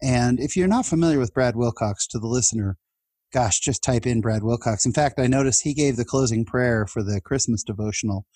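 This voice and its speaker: A husky-voiced man in his fifties tells personal stories as a podcast guest. He speaks in a heartfelt, chatty way and often starts his sentences over. The sound is close and dry, with no room echo. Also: medium pitch, a little fast, dark tone. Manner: heartfelt and chatty, with laughs and restarts. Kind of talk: personal storytelling in an interview.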